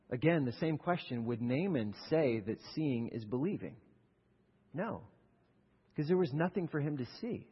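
Husky-voiced male preacher in a reverberant hall. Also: mid-range voice, muffled recording. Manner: storytelling, acts out the characters. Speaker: pastor. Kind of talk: sermon.

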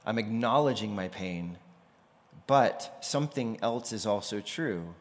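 A man's voice: fairly low pitch, expressive, unhurried. A man preaching a sermon in a loose, conversational way, sometimes acting out the people he quotes. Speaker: pastor. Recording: long hall reverb.

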